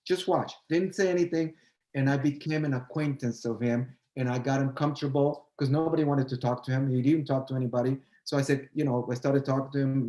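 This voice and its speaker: A man's voice: mid-range voice, darkish tone, echoey room, poor audio. An older man, a choreographer and guest, telling a story in a casual chat and acting out both sides of the remembered dialogue.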